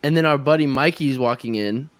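A young man in his twenties, a guest musician on a podcast, telling an anecdote in a casual, animated way and acting out his own reactions. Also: mid-range voice, fairly quick, no room sound. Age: 20s. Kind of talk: casual chat, storytelling.

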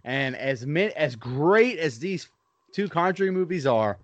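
A man's voice: a little high, expressive, unhurried, dry recording. Blunt, swearing man, dry dull mic. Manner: blunt and profane, opinionated. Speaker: podcast co-host. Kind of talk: casual chat.

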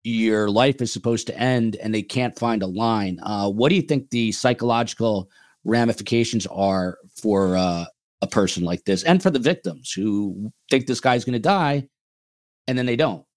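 A man's voice: on the low side, moderate pace, darkish tone, no echo. A man hosting a podcast in casual chat, joking and reading out viewer comments, a bit out of breath. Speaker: podcast host.

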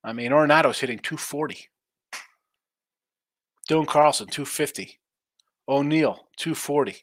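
A man with a bright, slightly raised voice hosts a live betting stream, musing over each game in a loose, conversational way. He often starts a thought, breaks off, and asks himself questions before answering them. The sound is dry and close, with no room around it. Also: fairly high pitch, moderate pace, dry recording. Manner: thinks aloud, restarts, answers own questions. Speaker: sports betting show host.

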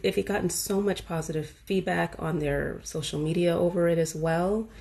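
Low-voiced enthusiastic woman podcaster. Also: normal speed, gravelly. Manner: animated, enthusiastic, frequent fillers. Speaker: podcast host. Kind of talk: casual podcast monologue. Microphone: podcast mic.

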